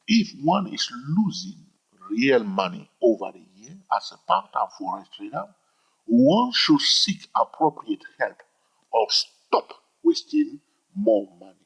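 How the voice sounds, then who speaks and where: A man's voice: mid-range voice, creaky, breathy edge. A man teaching about trading in an emphatic, repetitive style, often checking in with "all right?". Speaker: trading educator. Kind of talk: informal teaching monologue. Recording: dull lo-fi recording.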